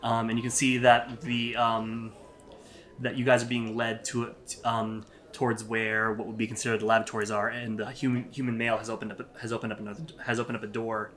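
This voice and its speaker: A man's voice: medium pitch, monotone, brisk, fairly bright tone. A man narrating a tabletop game as dungeon master, rambling with fillers and restarts.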